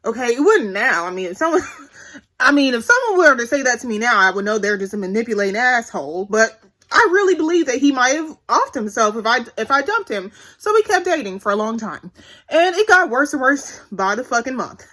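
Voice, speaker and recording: A woman's voice: a little high, very animated, a little fast, sharp tone. A woman in her twenties telling a candid, profane story to her viewers in a blunt, chatty vlog. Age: 20s. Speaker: vlogger.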